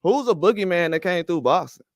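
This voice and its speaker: Heated profane boxing rant, high voice. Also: male voice, lively intonation, fairly quick, dry recording, clean studio sound. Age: older. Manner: fired up, profane, repeats rhetorical questions. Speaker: boxing commentary host.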